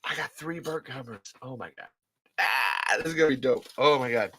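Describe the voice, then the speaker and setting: An excited vlogger, gasping and rambling while unboxing collectibles. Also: medium pitch, normal speed, a little hiss or hum. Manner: giddy, gasping, swearing, rambling.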